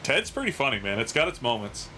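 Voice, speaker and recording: A man's voice: mid-range voice, big pitch swings, quick pace, pushed and bright, slight background noise. A man in his thirties hosting a sports card auction stream, joking profanely and laughing hard at his own stories. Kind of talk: casual livestream auction chat.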